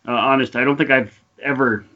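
A man chatting on a podcast, rambling and hesitant, full of ums and self-corrections. His voice comes through dull, lo-fi audio. His pitch is in a normal middle range. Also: fairly even intonation, brisk, pushed and bright. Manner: rambling, hesitant, many fillers. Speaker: podcast co-host. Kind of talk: casual chat.

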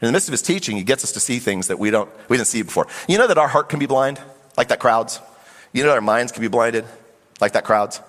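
A middle-aged man preaching a sermon as pastor, animated and acting out voices of Bible figures. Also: mid-range voice, quick pace. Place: church sanctuary. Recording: long hall reverb.

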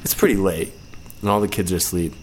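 A man's voice: low-pitched, steady tone, fast, a little hiss or hum. A man in his late twenties casually telling a personal story in a laid-back, rambling way, correcting himself as he goes. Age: 20s. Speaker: storyteller guest.

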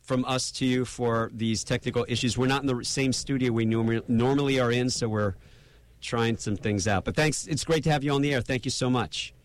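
A man's voice: mid-range voice, fairly even intonation, moderate pace, no room sound. Chatty male radio host. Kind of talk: radio talk show.

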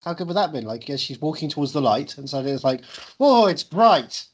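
A man's voice: medium pitch, racing, breathy edge. A man co-hosting a casual film review chat, opinionated and joking, acting out mock quotes. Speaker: podcast co-host.

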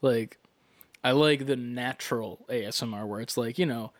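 A young man co-hosting a casual gaming podcast, joking in a slangy manner and dropping into quiet asides. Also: mid-range voice, normal speed, dry recording. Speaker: podcast co-host. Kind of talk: casual chat.

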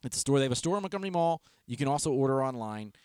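A man telling a long comic story on a podcast, restarting his sentences and chuckling along the way. His medium-pitched voice sounds close and dry in the studio. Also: lively intonation, racing, darkish tone, clean tone, dry recording. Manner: rambling storyteller, frequent restarts and laughs. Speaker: podcast co-host. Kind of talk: casual comedic podcast chat.

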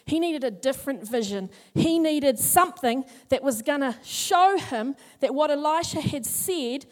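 High-voiced animated woman preacher. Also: unhurried. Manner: chatty, animated, acts out characters. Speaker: Bible teacher. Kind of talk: sermon.

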